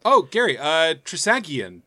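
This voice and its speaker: Bright, playful, tired-sounding man. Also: fairly high pitch, big pitch swings, unhurried, no room sound, studio quality. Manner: playful, teasing, nerdy asides. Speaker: podcast co-host. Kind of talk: casual chat.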